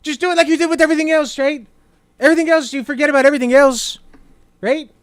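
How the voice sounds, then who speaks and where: Mock impression: man voicing a dismissive, repetitive older politician, high and loud. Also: steady tone, fast talker, no echo. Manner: exaggerated, shouty, repeats himself. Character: blustering older male politician, dismissive and mocking. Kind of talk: mocking impression in a commentary video.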